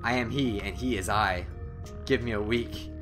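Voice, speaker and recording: A man's voice: on the low side, moderate pace, music in the background, close to an everyday voice. A man voicing a sinister male creature that poses as a human, speaking in a mocking, taunting way while reading a visual novel aloud. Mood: mocking menace.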